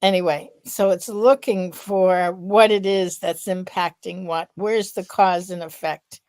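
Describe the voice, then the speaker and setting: A woman co-hosting a podcast, speaking slowly and thinking aloud in a casual chat. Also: lowish voice, fairly even intonation, darkish tone, no room sound. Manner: slow, reflective, thinks aloud. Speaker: podcast co-host.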